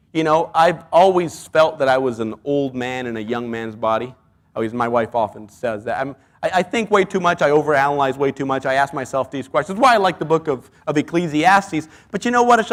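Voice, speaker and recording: Earnest, high-voiced male preacher. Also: fairly bright tone. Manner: earnest, full of rhetorical questions. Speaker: pastor. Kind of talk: sermon.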